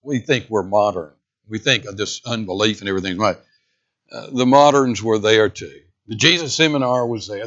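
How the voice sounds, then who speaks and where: A man's voice: fairly low pitch, lo-fi sound. Emphatic male pastor preaching. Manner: emphatic, dramatic pauses, swings between loud and hushed. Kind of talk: sermon. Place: church sanctuary.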